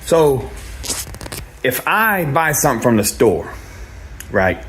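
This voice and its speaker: A man's voice: medium pitch, big pitch swings, takes it slowly, a bit bright, slight background noise. A man doing a rambling comic rant full of incredulous rhetorical questions. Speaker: comedian.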